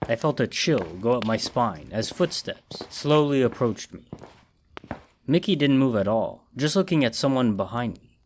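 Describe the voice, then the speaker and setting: A man narrates a horror story in a measured, dramatic way. His voice sits at an ordinary male pitch. He paces his lines with care to build dread. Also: lively intonation, slight background noise.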